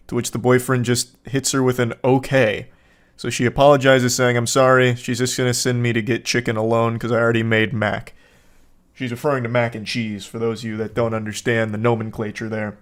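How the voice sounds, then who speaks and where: Male commentary host in his thirties, deadpan, sarcastic reactions. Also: mid-range voice, brisk. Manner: deadpan, sarcastic, laughs at what he reads. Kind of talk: reading and reacting to text messages.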